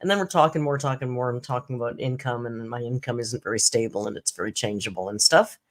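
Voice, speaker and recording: A woman with an extremely low pitch talks at a quick pace, hosting a laid-back live stream for YouTube commentary. She tells stories conversationally, laughs a lot, and mimics what other people said.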